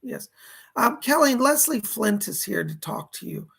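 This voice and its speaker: A male psychic medium on a live stream, reading out viewer donations and questions and relaying spirit messages with lots of "he said". He sounds hoarse and coughs now and then. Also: very high-pitched, very animated, a little slow, pushed and bright.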